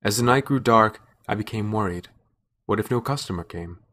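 A man narrating a fantasy story in a measured, wry storytelling manner. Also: lowish voice, fairly bright tone. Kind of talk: scripted narration.

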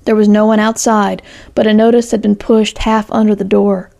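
A woman reading a story aloud as narrator, in a steady, measured way. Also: mid-range voice, vocal fry.

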